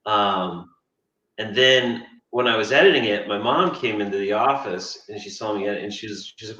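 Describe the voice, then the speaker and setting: A man's voice: mid-range voice, animated, brisk, fairly bright tone, recorded from a distance. Male co-host, casual livestream storyteller, dull roomy sound from off-mic. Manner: chatty storyteller, laughs often. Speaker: game developer and co-host.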